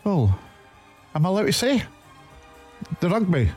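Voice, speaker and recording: A man's voice: high-pitched, wildly swooping pitch, darkish tone, slightly rough, soft background music. A Scottish man co-hosting a football podcast, telling long stories in a chatty, rambling way. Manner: chatty storyteller, drawn-out retelling. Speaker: podcast co-host. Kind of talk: casual chat.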